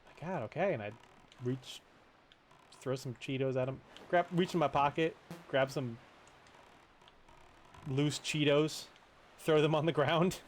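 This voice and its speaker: A man's voice: fairly high pitch, measured pace, long pauses, a little hiss or hum. A man streaming a game in casual chat, rambling and chuckling with many fillers.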